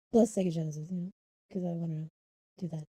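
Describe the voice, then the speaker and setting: A young woman streams live into a close desk microphone, chatting casually, apologizing for her hiccups, laughing and humming to herself. Her voice is fairly low and warm; the recording has no echo but sounds rough.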